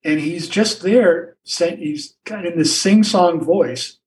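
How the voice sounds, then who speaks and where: A man's voice: high-pitched, slow, hardly any pauses, a little mellow, recorded from a distance, a little hiss or hum, rough recording. An older man, a sportswriter guest, telling stories in a rambling way with many restarts and asides. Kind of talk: anecdotal storytelling in a podcast interview.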